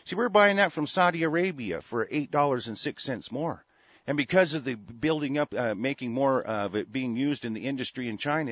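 A man's voice: mid-range voice, fairly bright tone, breathy edge, no echo. Angry ranting man, lo-fi dry sound. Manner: profane, heated, many restarts. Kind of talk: angry political rant. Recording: dull lo-fi dry recording.

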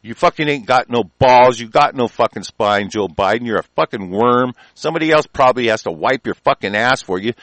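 A man's voice: mid-range voice, lively intonation, brisk, few pauses, fairly bright tone, no echo. A man from the United States delivering an angry political rant, profane and combative throughout.

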